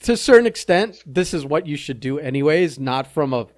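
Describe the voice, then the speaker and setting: A man co-hosting a casual podcast, giving wry, measured commentary with a dry sense of humor. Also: a little high, lively intonation. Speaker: podcast co-host.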